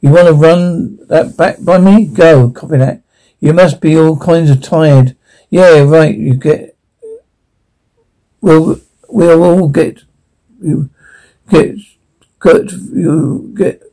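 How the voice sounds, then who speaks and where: An actor in a TV drama playing a loyal Air Force buddy who talks to his friend at a bedside in a halting, rambling, joking but tender way. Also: on the high side, mellow, poor audio. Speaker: visiting friend. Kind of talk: TV drama acting.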